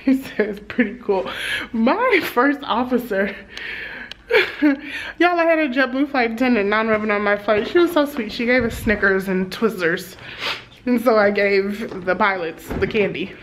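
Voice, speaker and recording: A woman, chatting casually to viewers as a flight attendant vlogger and telling a story with animated asides. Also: a little high, unhurried, slight background noise, poor audio. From Texas. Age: 30s. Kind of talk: casual vlog chat. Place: hotel hallway and room. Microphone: handheld compact camera.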